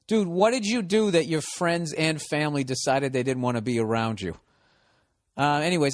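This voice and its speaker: A man's voice: mid-range voice, expressive, brisk, no room sound, studio quality. A man with a Boston accent, hosting a podcast and reading listener mail in a sarcastic, mocking, profane comedic rant. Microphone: studio podcast mic.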